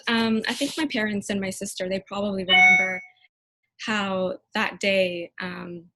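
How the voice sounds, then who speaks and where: A woman's voice: mid-range voice, fairly bright tone, rough recording. A woman in her twenties giving an earnest, emotional speech as a newly sworn lawyer over a video call. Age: 20s. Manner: earnest, emotional, laughs now and then. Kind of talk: heartfelt personal speech.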